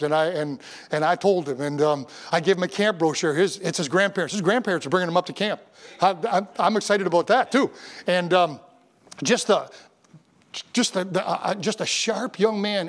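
High-voiced pastor preaching. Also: male voice, a little fast. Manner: storytelling, rising to emphatic preaching. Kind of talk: sermon.

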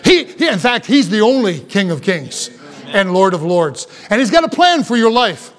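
A man's voice: high-pitched, big pitch swings, moderate pace. A middle-aged man preaching a sermon as pastor, earnest and emphatic, with repeated phrases.

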